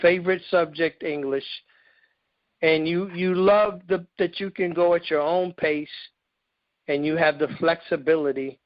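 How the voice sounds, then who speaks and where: A man hosts a casual interview with a high-pitched voice and a teasing, joking manner. His speech is loose and full of slang. The audio is dry and a little dull, like a lo-fi call. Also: steady tone, unhurried, dry recording. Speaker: interview host.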